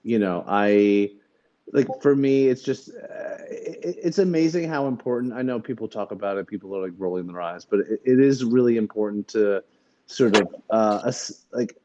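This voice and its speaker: A man's voice: fairly low pitch, normal speed, darkish tone. A man co-hosting a casual podcast, rambling and hesitant, full of fillers and restarts. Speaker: podcast co-host. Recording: dull lo-fi audio.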